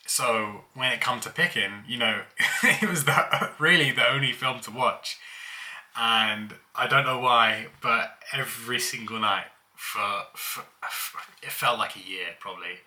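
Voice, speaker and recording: A man's voice: lowish voice, bright, forceful tone. A young man casually telling childhood stories, laughing as he goes. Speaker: vlogger. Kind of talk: casual storytelling.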